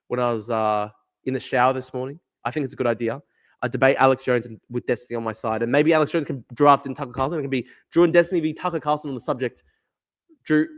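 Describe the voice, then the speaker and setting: A young man from Australia talks casually on a livestream, reading out viewer comments and riffing on them. His voice sits in a middle pitch, and he rambles, circling back and repeating his points. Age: young adult. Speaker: livestream host reading chat.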